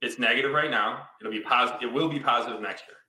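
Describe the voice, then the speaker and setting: Man, 50s, from Michigan, upbeat storytelling investor; forceful tone in an echoey room. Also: mid-range voice, quick pace. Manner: enthusiastic, storytelling, explains with repeated "right?". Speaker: real estate investor. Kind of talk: casual podcast conversation. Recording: roomy echo.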